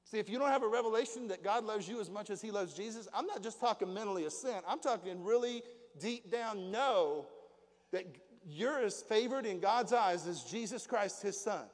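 A man's voice: sits high, expressive, brisk, hardly any pauses. A middle-aged pastor preaching to his congregation in a folksy way, asking them questions as he goes. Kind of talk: sermon. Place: church hall. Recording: long hall reverb.

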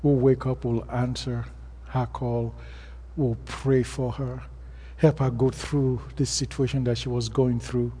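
Slow, husky African-accented male preacher. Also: mid-range voice, flat delivery, warm tone. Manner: storytelling preacher, plain and earnest. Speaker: pastor. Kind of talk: sermon. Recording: long reverb of a hall.

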